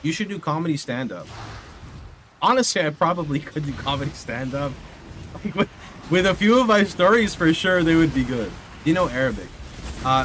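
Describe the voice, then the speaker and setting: A man, a streamer, talks casually to his chat in a fairly high voice. He tells rambling stories and keeps stopping to correct himself. A clear steady hiss sits under his studio-mic recording. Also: brisk. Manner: rambling, self-correcting storyteller. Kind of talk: casual livestream chat, answering chat. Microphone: studio condenser mic. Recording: steady background noise. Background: steady noise.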